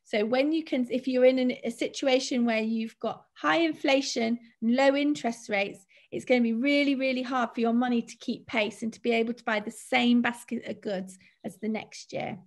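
A woman, a financial adviser, explaining money topics in a steady, conversational way with some fillers. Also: fairly high pitch, moderate pace, hardly any pauses. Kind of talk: presenting a finance talk.

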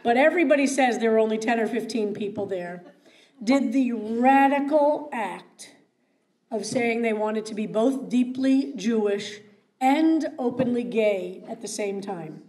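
A woman's voice: a little high, animated, normal speed, darkish tone. A woman rabbi speaking as a guest at a meeting, earnest with wry asides. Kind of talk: public talk. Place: meeting room.

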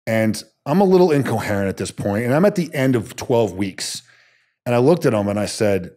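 A man's voice: medium pitch, expressive, fairly quick, warm tone. A man, a former soldier, telling his story bluntly and emphatically as a podcast guest, swearing casually.

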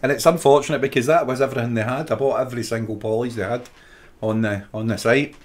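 A man's voice: medium pitch, steady tone, fast. A Scottish man co-hosting a podcast, chatting casually, laughing readily and trailing off mid-sentence. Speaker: podcast co-host. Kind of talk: casual chat.

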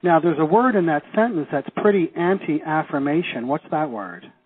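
The speaker is a middle-aged Canadian man running a live seminar, his fairly high voice slightly rough and his pace moderate. He keeps things lively by quizzing students and acting out quoted reactions. The recording is tinny, as if over a phone.

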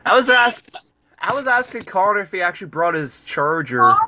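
A man's voice: high-pitched, expressive, normal speed, pushed and bright. A teenage boy chatting casually and joking with friends on a gaming call, laughing often. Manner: giggly, joking, playful. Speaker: vlogger on a call.

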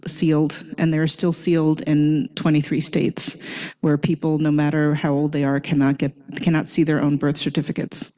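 A woman's voice: sits low, dark tone, dull audio. Candid woman author in her sixties. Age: 60s. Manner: candid, halting, with frequent restarts. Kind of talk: book talk with slides.

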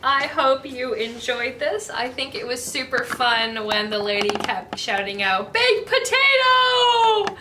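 Young woman reading a kids' book, slow sing-song, far-ish mic, faint hiss. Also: on the high side, roomy sound. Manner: sing-song, expressive storytelling. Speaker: storytime host. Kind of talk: children's picture-book read-aloud.

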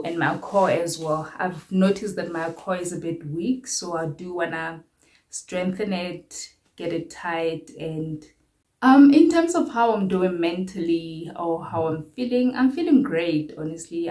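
A woman's voice: fairly low pitch, a little slow, dark tone. A young South African woman giving a candid, rambling update to her viewers and often repeating her phrases. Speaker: vlogger.

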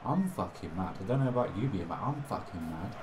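A young man swearing and reacting excitedly while commentating his own football video game, with game music behind him. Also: on the low side, brisk, background noise. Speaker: gaming commentator. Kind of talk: casual gameplay commentary.

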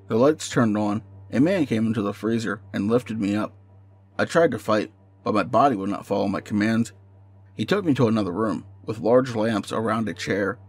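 Low-voiced man narrating a horror story. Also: moderate pace, slightly rough, dry recording. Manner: steady first-person storytelling.

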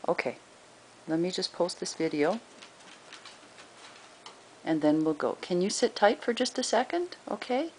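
Woman doing soft baby talk to her pet at home, lowish voice, slow and drawn out, faint hum behind. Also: very animated, poor audio. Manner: cooing, coaxing baby talk. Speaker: pet owner. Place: home indoors.

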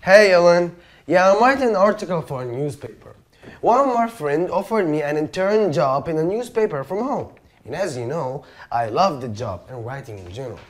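A man with an Egyptian accent playing a touchy young man in an amateur English-lesson drama, shouting at times and apologizing at others. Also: fairly high pitch, lively intonation, normal speed, lightly acted.

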